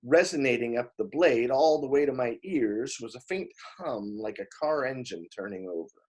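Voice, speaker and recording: A man reading a novel aloud in expressive first-person narration, with small slips along the way. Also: medium pitch, normal speed, slightly rough. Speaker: audiobook reader.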